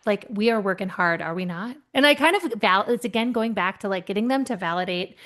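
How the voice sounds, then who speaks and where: A middle-aged woman, a guest speaker, telling animated anecdotes in conversation and acting out the voices of the people in them. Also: mid-range voice, a little fast. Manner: lively, acts out voices in her anecdotes.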